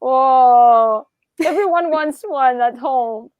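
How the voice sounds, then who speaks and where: A fairly high-pitched woman hosts an interview at a slow, unhurried pace, gushing with praise. Her voice is dry and close, with no room sound around it. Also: darkish tone, no echo. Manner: enthusiastic, searching for words, effusive praise. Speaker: podcast host. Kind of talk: interview podcast.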